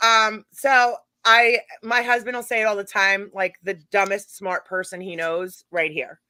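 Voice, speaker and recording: A middle-aged woman, a guest on a paranormal talk show, telling a lively anecdote in casual chat. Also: medium pitch, a little slow, clean tone, no echo. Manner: animated, chatty anecdote-telling with laughs. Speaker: guest, paranormal event organizer.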